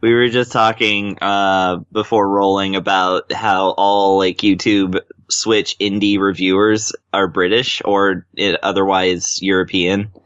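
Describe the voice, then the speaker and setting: A man's voice: low-pitched, level tone, unhurried, few pauses, a bit bright, clear, resonant tone, dry recording, lo-fi sound. A man chatting as a podcast guest, rambling with lots of ums and uhs. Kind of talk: casual chat.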